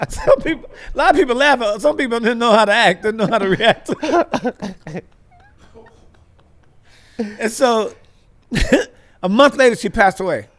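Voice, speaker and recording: A man's voice: very high-pitched, lively intonation, slow pace, long pauses, a bit bright. A comedian man from the Midwest, animatedly telling comic stories as a talk-show guest and acting out other people's voices with street slang.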